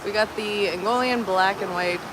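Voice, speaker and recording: A woman's voice: medium pitch, normal speed. A woman co-hosting a live stream, giggling and chatty while walking through a theme park. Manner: giggly, apologetic, lively. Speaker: co-host. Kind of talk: casual live-stream chat. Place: outdoor theme park, crowd around. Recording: outdoor crowd and noise.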